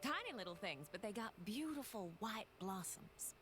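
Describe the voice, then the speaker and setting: An actress voicing a sweet, motherly grown woman in a video game, speaking in a slow Southern drawl. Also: medium pitch, sing-song, music in the background, lightly acted. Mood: folksy, sweet.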